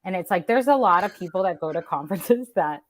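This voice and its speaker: Lower-voiced woman telling a story. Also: quick pace. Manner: storytelling, animated quoting. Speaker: panel guest. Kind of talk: casual panel talk.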